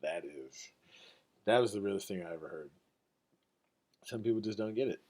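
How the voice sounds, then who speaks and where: A man hosting a solo podcast in a relaxed, unscripted way. His voice sits a bit low, and his speech wanders loosely with plenty of "like" fillers and casual swearing. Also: moderate pace. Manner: loose, rambling and profane, with many "like" fillers. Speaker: podcast host.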